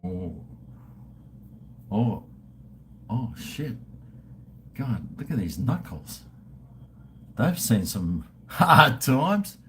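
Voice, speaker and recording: A man's voice: mid-range voice, sing-song, very slow, pauses often, fairly bright tone, slight background noise. An Australian man in his fifties hosting a casual live stream, joking crudely, swearing and toasting viewers over drinks. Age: 50s. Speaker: livestream host.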